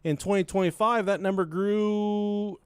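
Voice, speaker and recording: A man's voice: sits high, measured pace, clear, resonant tone, dry recording. A young man on a podcast, telling a story in casual chat, swearing, laughing and acting out the people in it. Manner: animated storyteller, acts out voices, swears, laughs often. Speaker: podcast co-host.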